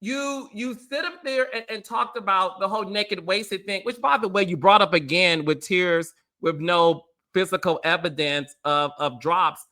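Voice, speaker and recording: Man, high voice, very bright tone, blunt sarcastic commentary, casual swearing, reality show recap host. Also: a little slow, few pauses.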